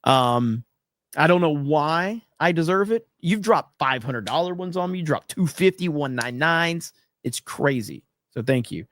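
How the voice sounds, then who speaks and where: A man's voice: a little high, animated, unhurried, a bit bright, no room sound. A man hosting a livestream, reading viewer messages aloud in casual, wisecracking chat with loose swearing. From USA. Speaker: livestream host reading super chats.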